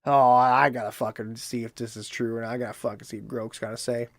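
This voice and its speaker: A man's voice: mid-range voice, flat delivery, quick pace, a bit bright, dry recording, soft background music. A man hosting a comedic commentary show, ranting in disbelief and swearing freely. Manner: incredulous, swearing rant. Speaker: show host.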